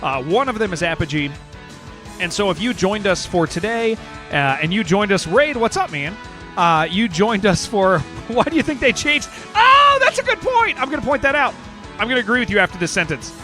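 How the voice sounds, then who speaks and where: A man streaming games and chatting casually with viewers, excitable and rambling, saying "man" and "dude" all the time. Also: sits high, brisk, faint music behind. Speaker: game streamer. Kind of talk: casual livestream chat with viewers.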